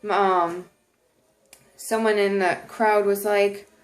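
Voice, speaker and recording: A woman's voice: mid-range voice, fairly even intonation, slow. A woman talking earnestly to camera in a casual inspirational vlog, with many ums and restarted sentences. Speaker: vlogger.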